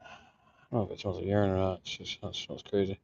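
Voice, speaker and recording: Deep-voiced, profane male vlogger who tells rambling stories, recorded on dull, muffled audio. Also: level tone, fast talker, vocal fry, a little mellow, slight background noise. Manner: rambling, profane, restarts sentences. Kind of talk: casual storytelling vlog. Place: outdoors in an urban jungle, sleeping rough.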